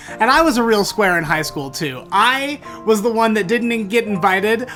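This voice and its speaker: A man hosting a storytelling show, recounting a bad date in an animated, theatrical way that bursts into exclamations. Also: extremely high pitch. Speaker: storytelling podcast host. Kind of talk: comedic personal storytelling.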